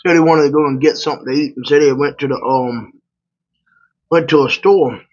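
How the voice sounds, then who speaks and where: A trucker talks loose and colloquial as he eats and rambles into a story, his voice sitting a bit high for a man. The audio is slightly muffled and lo-fi. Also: brisk, a little mellow. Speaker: truck driver and vlogger. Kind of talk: casual storytelling while eating. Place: hotel room.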